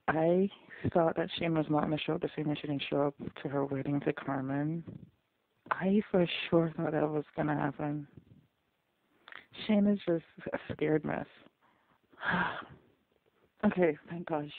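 A man's voice: fairly high pitch, creaky, no room sound. A man hosting an audio reaction to a TV episode, talking through it live, exclaiming and repeating his phrases. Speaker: reaction video host. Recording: phone-like dry audio.

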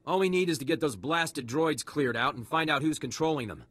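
A man's voice: a little high, a little fast, fairly bright tone, no room sound. An actor voicing a stubborn, insistent male settler claiming his home in a video game. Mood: indignant.

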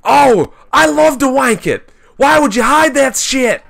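A man putting on an Australian accent to play a brash, crude space mercenary in a VR game, shouting a lot. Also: very high voice, animated, unhurried, gravelly, exaggerated voice. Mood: rowdy. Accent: put-on Australian. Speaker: streamer. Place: online voice chat in a VR game.

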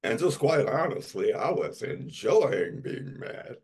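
A male pastor delivering a sermon, slow and emphatic, leaning on dramatic repetition. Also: medium pitch, very animated, darkish tone, slightly rough.

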